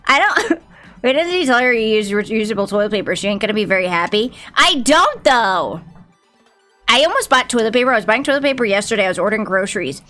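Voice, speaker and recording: A woman's voice: medium pitch, expressive, fast, fairly bright tone, faint music behind. Chatty swearing woman streamer. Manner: chatty, swears freely, tells stories. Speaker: livestreamer. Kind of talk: casual chat with viewers.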